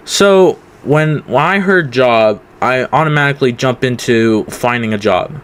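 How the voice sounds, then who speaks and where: A young man from California tells a personal story straight to camera. His voice is smooth and clear and sits at an average pitch. He rambles, restarts sentences and leans on fillers as he goes. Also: lively intonation, measured pace, few pauses, fairly bright tone. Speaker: vlogger. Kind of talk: casual storytime.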